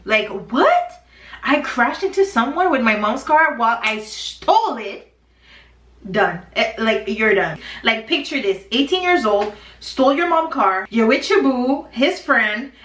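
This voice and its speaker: A woman's voice: on the high side, lively intonation, measured pace, fairly bright tone. A woman in her twenties telling a dramatic storytime in a chatty, slangy way while doing her makeup. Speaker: beauty vlogger. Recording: roomy, distant from mic.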